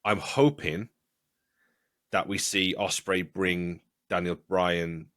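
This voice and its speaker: Male co-host, low deep voice, dead-dry close mic, sweary casual chat. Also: steady tone, slow, a bit bright, dry recording. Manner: blunt, swears freely, stumbles and restarts. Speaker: podcast co-host. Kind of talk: casual watch-along chat.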